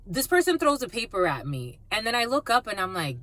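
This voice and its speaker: Blunt, animated woman reader. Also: on the high side, a little fast. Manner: blunt and profane, calls viewers "my lovies". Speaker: psychic card reader. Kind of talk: casual storytelling to viewers.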